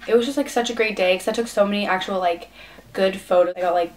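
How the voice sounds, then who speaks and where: A woman's voice: medium pitch, fast talker, far from the mic. A teenage girl vlogger gushes through a long storytime, her words tumbling out with constant "like" fillers. She sits a little back from the mic, and a faint hiss of room noise runs under her voice. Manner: gushing, rambling, many "like" fillers. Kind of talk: excited storytime vlog.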